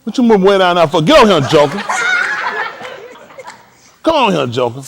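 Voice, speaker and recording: Lively joking man coaching a class. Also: sits high, moderate pace, gravelly, noisy background. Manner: joking, laughing, animated coaching. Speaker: class instructor.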